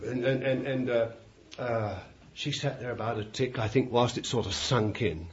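An older man with an East London Cockney accent, preaching a sermon and telling stories, bursting into loud commands at the devil and chuckling as he goes. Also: mid-range voice, moderate pace. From England. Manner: animated, shouts commands at the devil, chuckles through anecdotes. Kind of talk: sermon with storytelling. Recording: dull lo-fi recording with faint hiss.

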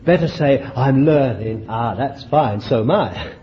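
A man's voice: mid-range voice, animated, unhurried, dull audio, a little hiss or hum. A man preaching a fervent sermon, exclaiming and laughing between points.

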